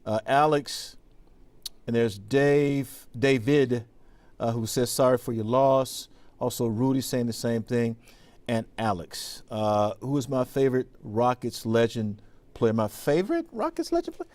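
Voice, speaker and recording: A man's voice: mid-range voice, steady tone, measured pace, no echo. Brief: male sports anchor, casual and slangy, dry close sound. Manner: laid-back, slangy, warm to his co-host. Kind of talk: casual on-air chat. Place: TV studio.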